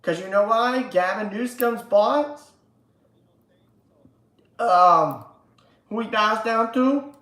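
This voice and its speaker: Slow, profane man ranting on a livestream. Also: high voice, lively intonation, a bit bright, reverberant. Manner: slow, profane, chanting slogans. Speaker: livestream host. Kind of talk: casual political livestream rant.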